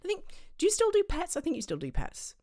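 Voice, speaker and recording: A woman's voice: very high-pitched, wildly swooping pitch, fast, mellow. A woman streamer chatting casually from her home office, rambling with lots of fillers and tangents. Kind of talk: casual livestream chat.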